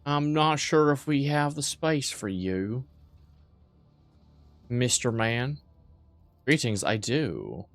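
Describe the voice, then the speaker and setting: A man's voice: mid-range voice, animated, slow pace, pauses often, dry recording. A man streaming a video game, rambling in casual commentary, swearing freely and poking fun at himself.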